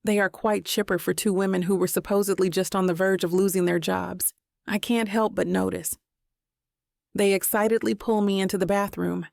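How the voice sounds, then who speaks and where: A woman narrating a first-person romance audiobook in a measured, even way. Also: mid-range voice, creaky, dry recording, studio quality.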